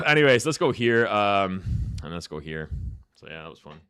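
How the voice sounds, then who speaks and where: Foul-mouthed lower-voiced male streamer ranting. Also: very animated, normal speed, a bit bright, smooth, no room sound, studio quality. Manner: profane, ranting banter with chat. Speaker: chess streamer. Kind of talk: live-stream commentary and storytelling.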